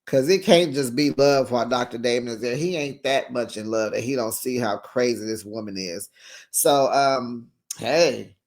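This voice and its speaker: A woman's voice: a bass voice, normal speed, a little mellow. Sassy chatty woman recapping gossip. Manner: chatty, sassy, laughs often, acts out quotes. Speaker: recap show host. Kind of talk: casual reality-TV recap chat.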